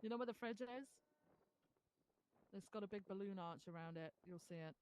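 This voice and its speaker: A woman's voice: medium pitch, normal speed, darkish tone, clean tone. A woman playing a police officer in a role-play, talking in a reassuring way and often repeating herself. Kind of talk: casual role-play chat.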